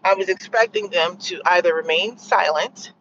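Woman vlogger, mid-pitch, sarcastic and rambling, muffled lo-fi phone audio with faint road noise. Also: normal speed, fairly bright tone. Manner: sarcastic, rambling, lots of fillers. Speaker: vlogger sharing opinions. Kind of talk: casual opinion monologue.

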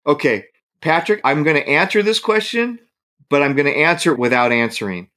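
The speaker, a man from the San Francisco Bay Area, is a guest sharing a story in casual conversation, full of laughter and animated reenactments of what people said. He sounds a little high and talks fairly fast.

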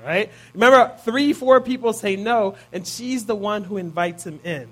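A man's voice: high-pitched, normal speed, hardly any pauses, a bit bright. A man in his thirties giving a conversational sermon, often checking in with listeners by asking "right?". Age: 30s. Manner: casual, peppers points with "right?". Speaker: preacher.

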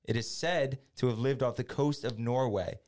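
A man hosting a casual podcast who reads trivia questions aloud at an even pace. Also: mid-range voice, moderate pace. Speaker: quiz host reading trivia questions.

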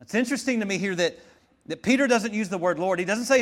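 Male pastor, high voice, fervent sermon delivery, faint music behind. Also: fast. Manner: impassioned preaching, rising to shouts, then calm teaching.

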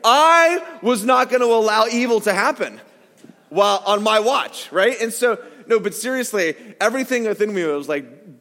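High-voiced pastor telling a self-mocking story. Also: male voice, expressive, moderate pace. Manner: storytelling, self-mocking, bursts into shouted quotes. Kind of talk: sermon. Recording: echoey hall reverb.

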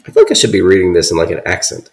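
A man co-hosting a podcast, reading an old account aloud with deadpan asides. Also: low-pitched, racing, low-quality recording. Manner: deadpan, reads quotes with dry asides. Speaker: podcast co-host.

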